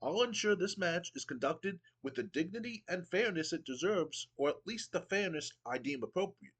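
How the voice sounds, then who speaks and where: A man's voice: sits high, lively intonation, normal speed, a bit bright, slightly rough, voice pushed up, heavily acted. A man voicing a smug, pompous male wrestling commissioner who talks down to the crowd in a haughty, lofty manner. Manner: haughty, lofty, condescending speech.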